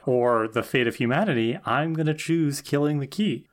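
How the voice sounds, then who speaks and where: A man's voice: mid-range voice, moderate pace. A man co-hosting a podcast, talking through a TV episode thoughtfully, with frequent restarts and "right?" checks. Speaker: podcast co-host. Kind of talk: casual podcast discussion.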